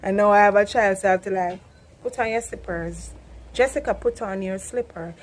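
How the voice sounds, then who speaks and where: A young adult woman with a Jamaican accent, teaching Jamaican words in a casual, animated chat and laughing often. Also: mid-range voice, fairly quick. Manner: animated, laughs often, acts out loud commands. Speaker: vlogger.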